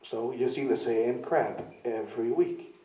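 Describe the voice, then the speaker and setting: In an unhurried, mellow mid-range voice with fairly even intonation, a male wrestler being interviewed offers rambling, self-mocking anecdotes, frequently putting on others' voices as he quotes them. The setting is a London club, and the recording comes across as dull, roomy and far off.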